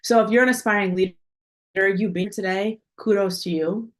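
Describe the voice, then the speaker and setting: A woman's voice: medium pitch, normal speed. A woman who is an assistant principal, giving earnest, conversational advice to aspiring school leaders and often checking in with "right?". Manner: conversational, frequent "right?" tag questions, earnest. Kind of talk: casual talk to aspiring leaders.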